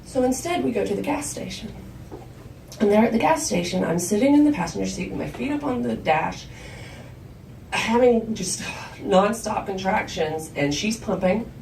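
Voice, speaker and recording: A woman from South Georgia telling a personal story on stage at a live storytelling show, candid and conversational, acting out quoted lines in a higher voice. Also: lively intonation, normal speed, creaky, darkish tone, a little hiss or hum. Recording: roomy hall sound from a distant mic.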